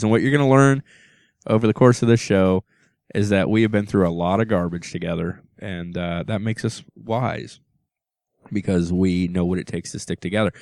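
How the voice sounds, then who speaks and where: A man with a low, smooth voice co-hosts a casual podcast and jokes easily, laughing often. He sounds close and dry, with no room around him. His chat stays loose and unpolished. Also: darkish tone, dry recording. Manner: chuckles often, loose and joking. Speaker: podcast co-host.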